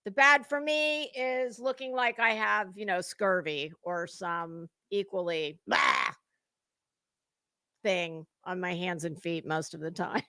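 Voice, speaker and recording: Woman, bright gravelly voice, slow unhurried talk, casual livestream chat, cussing. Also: on the low side, fairly even intonation, no room sound, clean studio sound. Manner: salty, chatty, drawling, with cusswords. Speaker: livestream host.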